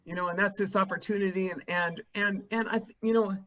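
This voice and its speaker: A woman speaking on a panel over a video call, her audio a little dull and muffled. She talks in a loose, conversational way, peppering her points with "you know" and dry little jokes. Her voice sits at an ordinary middle pitch. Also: steady tone, a little fast, a bit bright, a little hiss or hum. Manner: casual and wry, with lots of "you know" and joking asides. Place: her rural home.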